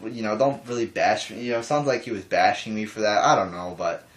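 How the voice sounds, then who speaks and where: A young man talking calmly to his camera in a casual response vlog, rambling with lots of restarts and fillers and casual swearing. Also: on the low side, brisk. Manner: calm, even talking voice. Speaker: wrestling YouTuber.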